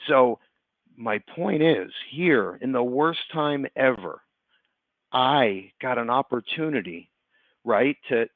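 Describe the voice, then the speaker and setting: A man's voice: mid-range voice, no echo. A man telling a story to insurance agents in an earnest way, checking in with "okay" and "right" as he talks. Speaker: insurance agency host. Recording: dry tinny phone-like audio.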